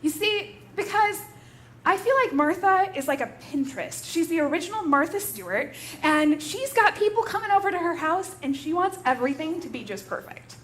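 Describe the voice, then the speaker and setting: A woman's voice: very high-pitched, animated, moderate pace, fairly bright tone, a little hiss or hum. A woman pastor giving a conversational sermon in a church, telling a story in a relatable way.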